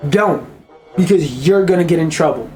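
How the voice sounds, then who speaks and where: A man's voice: on the high side, normal speed, a little mellow. Blunt, profane male commentator ranting over a video, with faint music under the voice.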